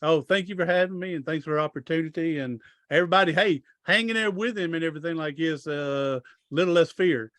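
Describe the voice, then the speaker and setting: Guy rambling through stories, bit high voice, dry close sound. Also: fast talker, hardly any pauses, fairly bright tone, no echo. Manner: rambling, restarts sentences, folksy grammar. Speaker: podcast guest, author and speaker. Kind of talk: casual storytelling interview.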